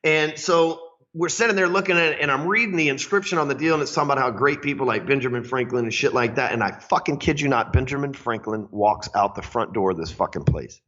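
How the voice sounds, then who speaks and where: Male sales coach, casual and foul-mouthed, forceful bright tone, muffled lo-fi audio. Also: mid-range voice, fast talker. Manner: profane, rambling, frequent "right?" tags. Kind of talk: casual storytelling talk. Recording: dull lo-fi recording.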